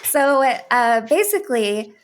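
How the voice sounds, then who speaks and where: A woman's voice: a little high, big pitch swings, takes it slowly, a little hiss or hum. A woman co-hosting a podcast, chatting casually and giggling often. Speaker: podcast co-host. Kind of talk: casual chat.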